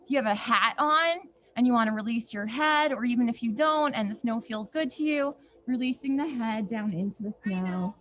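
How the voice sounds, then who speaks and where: A young woman leading a yoga class for children outdoors in a snowy backyard, giving gentle instructions with playful asides. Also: on the high side, normal speed, hardly any pauses. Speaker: yoga teacher.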